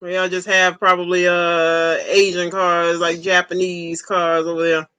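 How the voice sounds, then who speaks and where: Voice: medium pitch, level tone, a little slow, pushed and bright, clear, resonant tone, dry recording, rough recording. Laid-back livestream host in their forties. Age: 40s. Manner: laid-back, chuckling, repeats short replies. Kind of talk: casual livestream chat.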